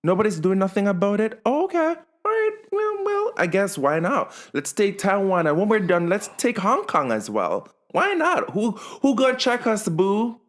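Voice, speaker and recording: A man voicing a personified nation as a boastful, taunting figure in a sassy, mocking tone, pitched well above his own voice. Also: big pitch swings, normal speed, few pauses, fairly bright tone.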